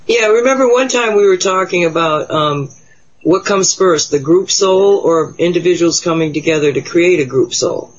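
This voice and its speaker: A man's voice: high-pitched, moderate pace. Curious man asking questions, muffled. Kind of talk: casual conversation.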